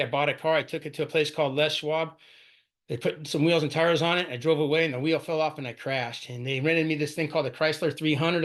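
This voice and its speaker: Fast-talking man telling his recovery story. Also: fairly high pitch, a bit bright. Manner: storytelling, frequent "right?" and "man". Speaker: AA speaker sharing his story. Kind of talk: personal recovery talk.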